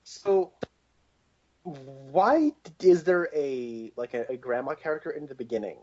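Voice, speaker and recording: A man's voice: medium pitch, expressive, unhurried, dark tone. A man co-hosting a podcast, giving blunt, dismissive opinions in casual movie review chat, with lots of filler words. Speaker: podcast co-host. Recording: lo-fi, dull sound.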